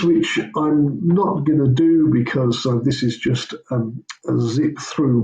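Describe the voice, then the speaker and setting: A man's voice: mid-range voice, creaky, mellow, dull audio. A man, a pastor, talking through biblical Greek grammar in an informal lesson, hesitant, with many ums and self-corrections. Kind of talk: informal teaching walkthrough. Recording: roomy echo.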